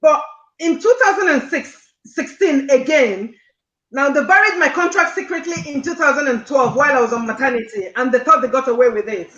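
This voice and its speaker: Woman caller, distressed and earnest, high and bright, echoey muffled line. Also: fairly quick. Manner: distressed, earnest, repeats points insistently. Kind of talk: emotional personal account on a call-in show.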